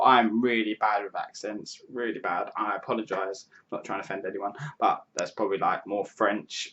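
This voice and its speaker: A 22-year-old man with a lowish, slightly bright voice casually answers viewer questions to camera through a dull lo-fi mic. He rambles, restarts his sentences, and often says "you know what I mean."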